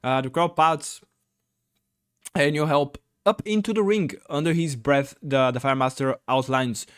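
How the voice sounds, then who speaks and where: A man plays a gamebook and reads it out loud in a clean, slightly high voice at a measured pace. He keeps up a rambling let's-play commentary, heavy on fillers and blurted swear words.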